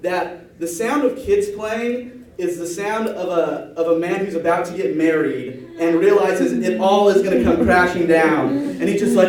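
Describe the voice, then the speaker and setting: A man's voice: high voice, expressive, normal speed, heavy reverb, a crowd in the background. A young man doing a hesitant, rambling stand-up routine in a small room with an audience, full of fillers and restarts, recorded by a far camera. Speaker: stand-up comedian.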